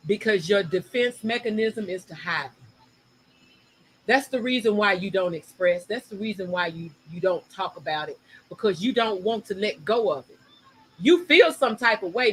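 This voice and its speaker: A woman co-hosting a casual talk show, speaking, animated and emphatic, and speeding up when she makes a point. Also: fairly high pitch, normal speed, husky, poor audio. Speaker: podcast co-host. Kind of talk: casual chat.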